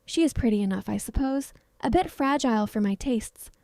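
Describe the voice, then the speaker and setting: Lady doing sly sneering vampire henchman, kinda high and mellow. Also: animated, a little fast, no echo, studio quality. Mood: mocking. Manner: mocking, sly. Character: sly mocking male vampire envoy.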